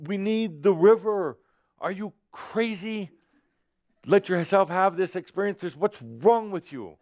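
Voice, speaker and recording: A man voicing a panicked, nagging human mind that scolds in rapid-fire questions. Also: high voice, animated, darkish tone, no echo, clean studio sound, voice pushed up. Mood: frantic.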